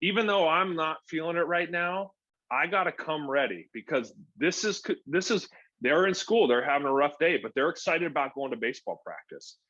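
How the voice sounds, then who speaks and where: A middle-aged man talks shop in a casual podcast chat, his voice bright and forward with a bit of edge. He tells stories animatedly and slips into the voices of the people in them. The sound is dry and a little dull, like a lo-fi recording. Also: on the high side, moderate pace, no echo. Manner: animated storytelling, acting out what he says to himself and to others. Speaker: guest, former pro pitcher and youth coach.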